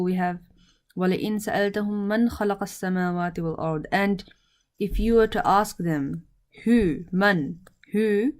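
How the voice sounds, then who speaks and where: A woman with a medium-pitched, darkish voice teaches Arabic grammar in English. She speaks slowly and deliberately, repeating each word along with its meaning.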